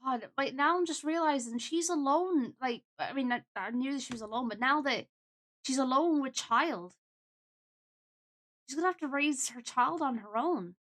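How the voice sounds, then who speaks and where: A woman's voice: high voice, moderate pace, a bit bright. Chatty young woman streamer. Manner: emotional, reflective, chatty. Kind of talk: casual game commentary.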